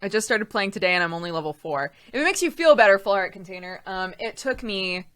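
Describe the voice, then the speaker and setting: A woman's voice: mid-range voice, expressive, fast talker, a bit bright. A woman hosting a casual live-stream chat show, talking freely, laughing often and thanking viewers from chat. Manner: chatty, laughs often, reads out chat names.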